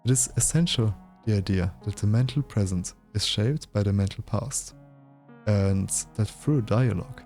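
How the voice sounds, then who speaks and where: Weary pedantic old male halfling scholar, voiced by a man, stilted accent, low dark grumbling delivery, game dialogue. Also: moderate pace, faint music behind, close to an everyday voice. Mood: lecturing. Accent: stilted halfling accent put on. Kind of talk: game dialogue read aloud.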